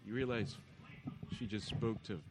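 A man with a low voice co-hosts a relaxed podcast at home, talking into a dynamic mic at the table. He rambles through anecdotes and plays out what everyone said along the way. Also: moderate pace, very noisy. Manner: rambling storyteller with quoted asides. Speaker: podcast co-host. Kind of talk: casual chat. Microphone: dynamic microphone at a table.

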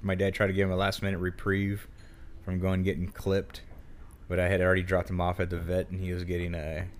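A man's voice: sits low, completely flat delivery, a little fast, slight background noise. A man co-hosting a podcast in casual chat, joking crudely and swearing often. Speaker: podcast co-host.

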